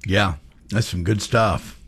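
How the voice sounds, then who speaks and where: A man co-hosting a talk radio show, joking around in a relaxed, easygoing way. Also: fairly low pitch, takes it slowly, breathy edge, no room sound. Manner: laid-back and joking, with easygoing fillers. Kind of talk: casual talk radio banter.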